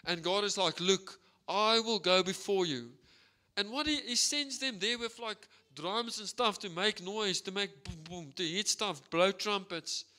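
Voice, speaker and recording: South African preacher, energetic storyteller, bright clear voice. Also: male voice, high-pitched, unhurried, hardly any pauses. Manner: energetic, animated storytelling with frequent "right?". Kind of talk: sermon.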